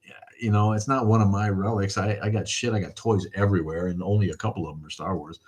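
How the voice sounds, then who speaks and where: A man's voice: on the low side, steady tone, quick pace. Profane, rambling middle-aged man. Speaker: livestream host. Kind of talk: casual livestream chat reading viewer comments.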